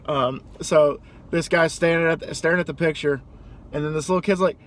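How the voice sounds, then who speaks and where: A young man talking casually in a rambling vlog monologue, now and then doing loud high-pitched impressions. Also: steady tone, fairly quick. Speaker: vlogger.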